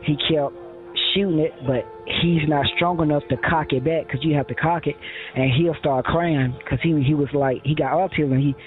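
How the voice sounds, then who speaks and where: Man, interviewee fairly high voice, rambling, full of fillers and restarts, heard over a tinny phone line with faint music. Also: steady tone, moderate pace. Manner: rambling, quotes others, many fillers and restarts. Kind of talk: telling his story in a phone interview.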